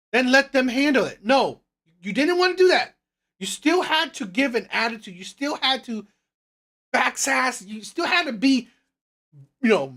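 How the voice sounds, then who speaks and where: A woman delivers opinion commentary on her own channel, blunt and emphatic, circling back over her points. Her voice sits on the higher side. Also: a bit bright. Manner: blunt, emphatic, repeats phrases.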